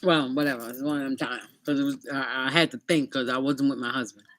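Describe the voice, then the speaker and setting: A woman's voice: a bass voice, fairly even intonation, fast, fairly bright tone, no echo. A middle-aged woman vlogger telling a casual story, chatty and speaking straight to her viewers, sometimes eating as she talks.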